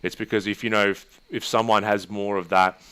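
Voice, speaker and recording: A man's voice: fairly low pitch, brisk, clear, resonant tone. A man, a therapist co-hosting a podcast, chatting casually and retelling stories with energy. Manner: chatty storyteller, animated retelling. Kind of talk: casual chat.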